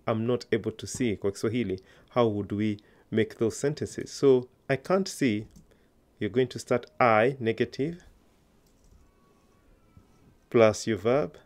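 A man's voice: mid-range voice, darkish tone. A man teaching an online language lesson, patiently coaxing learners to answer aloud.

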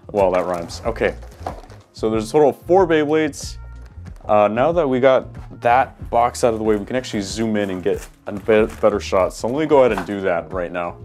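A man casually talking through a toy unboxing at a small table, relaxed and chatty with frequent ums and uhs. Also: fairly low pitch, moderate pace, faint music behind. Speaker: toy collector reviewer.

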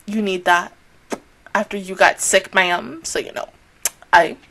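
A woman in her late twenties talking casually as an anime reaction host, slangy and animated, laughing often and swinging between loud squeals and soft murmurs. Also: mid-range voice, unhurried.

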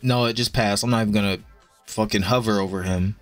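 A young man streaming and chatting with his viewers in a blunt, profane way, giving quick verdicts with plenty of casual swearing. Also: fairly low pitch, steady tone, soft background music. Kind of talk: casual live-stream commentary.

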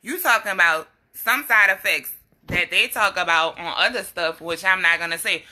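Blunt, bright-voiced woman vlogger. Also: lowish voice, normal speed. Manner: blunt, animated, laughs often, slangy. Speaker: herbal health vlogger. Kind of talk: casual straight-talking live chat.

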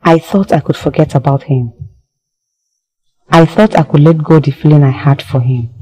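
A woman's voice: sits low, normal speed, mellow, slightly rough, rough recording. An actress with a Nigerian accent playing a young woman who is hesitant and apologetic after lying to her boss. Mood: pensive. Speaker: office employee. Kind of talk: film drama acting.

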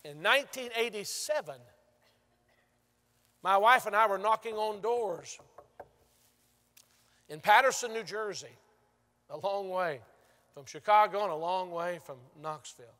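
A male pastor preaching a sermon, telling stories and moving from loud to hushed. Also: high voice, expressive, measured pace, long pauses. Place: large church sanctuary. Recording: long church reverb.

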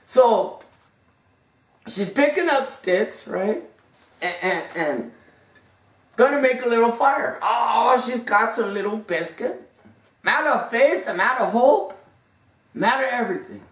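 A woman's voice: on the high side, lively intonation, measured pace, pauses often. A woman preaching a fervent sermon, repeating and stumbling over words, in an echoey room with the mic far off. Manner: fervent, stammering repetitions.

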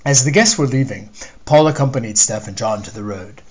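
A man, the author, reading a chapter of his novel aloud in measured storytelling narration. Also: fairly low pitch, steady tone, husky, poor audio. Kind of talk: scripted narration.

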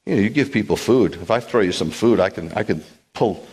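A man serving as a rabbi, giving an animated sermon with joking asides and acted-out quotes. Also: on the low side, fairly quick, slightly rough. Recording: long hall reverb.

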